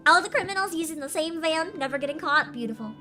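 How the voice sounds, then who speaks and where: A young woman streaming a game, chatting casually with giggles and quick asides. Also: very high-pitched, very animated, sharp tone, soft background music. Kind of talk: casual let's-play commentary.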